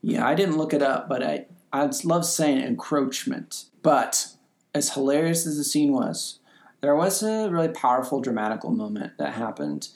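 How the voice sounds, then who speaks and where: Animated man co-hosting a TV review podcast. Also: mid-range voice, moderate pace. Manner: animated, acts out scenes from the show. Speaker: podcast co-host. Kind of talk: casual TV review chat.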